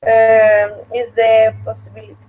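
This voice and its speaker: A woman's voice: a little high, completely flat delivery, a little slow, darkish tone, low-quality recording. A female student answering in a language class, hesitant and repeating after the teacher.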